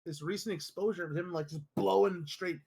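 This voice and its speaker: A man's voice: high-pitched, steady tone, creaky, a little mellow, breathy edge. A man co-hosting a casual online chat, teasing and peppering his talk with "dude". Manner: fast, teasing, lots of 'dude'. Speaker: co-host.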